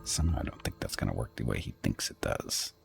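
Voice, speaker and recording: A man's voice: extremely low pitch, lively intonation, fast, gravelly, soft background music. A man streaming a video game, thinking aloud in offhand, muttered commentary. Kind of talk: casual gameplay commentary.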